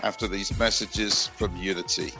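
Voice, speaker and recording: A man hosting a radio interview, halting and reflective, with many fillers as he speaks. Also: low-pitched, fairly even intonation, music in the background. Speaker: radio show host.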